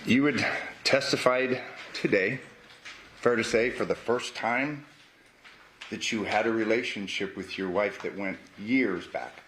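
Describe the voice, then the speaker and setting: A man's voice: lowish voice, a little slow, fairly bright tone, slight background noise. A man, a defense attorney, cross-examining a witness in a courtroom, pressing with short questions that end in "correct?". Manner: pressing, repeats "correct?" to pin down answers.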